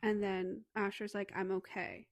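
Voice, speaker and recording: A woman's voice: mid-range voice, little pitch movement, measured pace, no room sound, studio quality. A young woman co-hosting a book podcast, casually chiming in with plot details and swearing. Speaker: podcast co-host. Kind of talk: casual book review chat.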